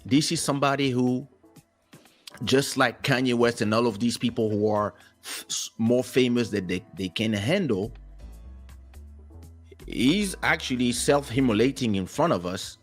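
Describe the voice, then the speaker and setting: A man hosting a casual talk show, telling stories in an animated way and acting out quotes, with a French-speaking background. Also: mid-range voice, a little slow, soft background music. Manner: animated storyteller, acts out quotes. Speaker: host.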